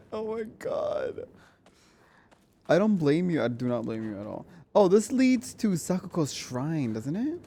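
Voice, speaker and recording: Chatty, excitable male game streamer. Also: a little high, creaky, husky. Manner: chatty and excitable, swears and laughs often. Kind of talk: casual gameplay commentary.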